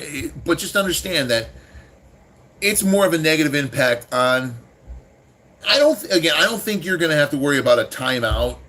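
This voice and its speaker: A man's voice: medium pitch, fairly bright tone. A man hosting a casual livestream, rambling with many restarts and swearing freely as he talks to his chat. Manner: rambling, profane, irritated with chat. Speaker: livestream host.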